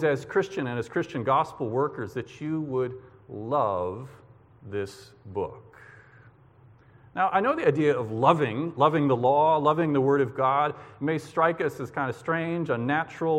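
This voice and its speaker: A man giving an earnest, measured sermon as guest preacher at a church service. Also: a little high. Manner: measured, earnest, slows for emphasis. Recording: long hall reverb.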